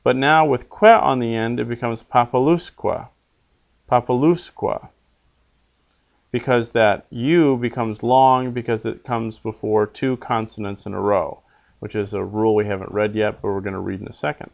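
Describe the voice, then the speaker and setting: A man teaching a recorded Latin class, who explains rules patiently and repeats each example word slowly. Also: fairly low pitch, fairly even intonation, gravelly. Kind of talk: recorded online lesson. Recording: dull lo-fi recording.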